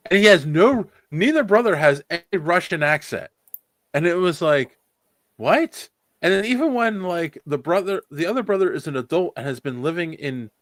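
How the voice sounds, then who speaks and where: A podcast co-host talks through a movie review in a loose, rambling way, correcting himself as he goes. His voice sits a little high for a man. The sound is dry and close, with no room echo. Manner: rambling, animated, many restarts. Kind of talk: casual chat, movie review.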